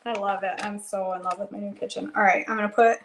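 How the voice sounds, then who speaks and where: A woman's voice: medium pitch, steady tone, quick pace, reverberant, a little hiss or hum, rough recording. A woman hosting a live cooking show from her home kitchen, chatting to herself and her viewers in folksy slang as she works. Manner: chatty, talks to herself and viewers while working.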